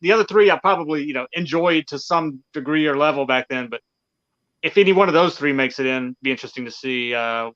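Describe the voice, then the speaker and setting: Fast, bright-voiced rambling man. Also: a little high. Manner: rambling, hedging, laughs often. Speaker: podcast co-host. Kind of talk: casual live-stream chat. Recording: dull lo-fi sound.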